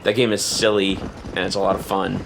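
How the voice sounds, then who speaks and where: A man's voice: sits low, flat delivery, brisk, creaky. Joking man, noisy game sound behind. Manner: joking, playful, laughs often. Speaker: co-host playing a game on stream. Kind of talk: casual gaming chat.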